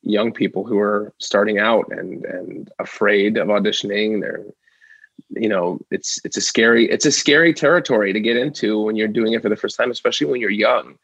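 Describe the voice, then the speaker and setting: A man's voice: lowish voice, moderate pace, fairly bright tone, husky, no echo, dull audio. A man, a working actor, talking as a guest in a casual interview, enthusiastic and a bit rambling.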